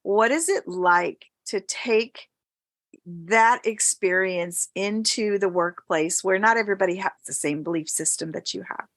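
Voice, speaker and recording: A woman co-hosting a faith talk show, reflecting warmly on her guest's words. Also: medium pitch, a little slow. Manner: affirming, reflective. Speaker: podcast co-host. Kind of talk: casual faith conversation.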